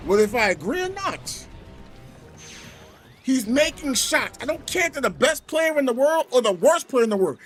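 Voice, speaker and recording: A man streaming from home, telling a gaming story in an animated, exasperated way. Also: very high voice, moderate pace, faint music behind. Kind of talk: casual livestream rant.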